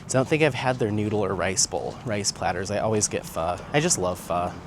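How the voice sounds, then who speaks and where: A man's voice: lowish voice, expressive, brisk. A man hosting a casual vlog while walking outdoors, chatting and laughing often as he reads out viewer comments. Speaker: vlog host. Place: outdoors on town streets. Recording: street noise, outdoor recording. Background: faint street and traffic sounds.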